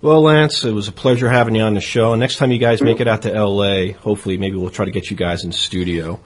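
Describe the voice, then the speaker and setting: Quick, husky male co-host, low-ish voice, halting delivery. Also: fairly even intonation. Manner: halting, repeats words when thinking aloud. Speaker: radio show co-host. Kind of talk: casual radio chat.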